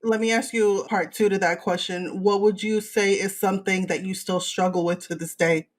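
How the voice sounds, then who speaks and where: A woman's voice: mid-range voice, fairly even intonation, normal speed. A woman hosting a podcast speaks in a conversational, mid-range voice. She is supportive and reflective, easing her guest along with encouraging remarks. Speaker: podcast host.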